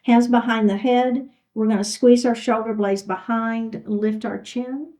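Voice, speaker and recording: A woman's voice: a little high, steady tone, a little slow, warm tone, poor audio. A woman teaching a chair yoga class, giving encouraging step-by-step cues for each move. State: a little out of breath. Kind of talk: guided fitness class instruction.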